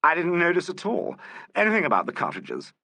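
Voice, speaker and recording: A man's voice: on the high side, huge pitch swings, fairly quick, pushed and bright, no echo, voice pushed up, heavily acted. A man voicing a frightened, hysterical actress who keeps pleading and denying, in an audiobook reading. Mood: defensive. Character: frightened theatrical actress woman, shrill. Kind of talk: audiobook character voice.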